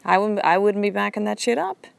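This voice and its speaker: A woman's voice: medium pitch, lively intonation, brisk, vocal fry, clear, resonant tone, no echo. A woman hosting a motivational podcast, talking bluntly and emphatically and swearing freely. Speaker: podcast host.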